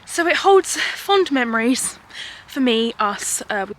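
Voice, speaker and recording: A young woman, a vlogger and mother, chats and rambles her way through a casual vlog outdoors in a park. Her voice is a little high and a bit bright, with big swings in pitch, and she takes it slowly. She's slightly out of breath and laughs often.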